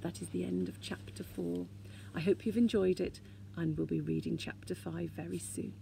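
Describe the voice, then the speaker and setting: A woman teacher reading a children's storybook aloud in a gentle, expressive way. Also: lowish voice, moderate pace, creaky, slight background noise.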